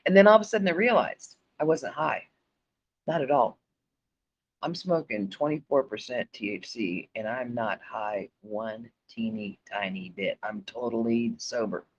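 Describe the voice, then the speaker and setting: A woman's voice: rumbling low, normal speed. A woman telling a personal story in a casual, profane and blunt way, often laughing. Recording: dull lo-fi recording.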